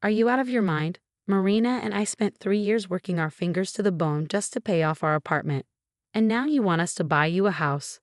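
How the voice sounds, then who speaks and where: A woman's voice: mid-range voice, brisk, dry recording, clean studio sound, close to an everyday voice. Woman reading as an exasperated young husband. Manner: sharp, incredulous.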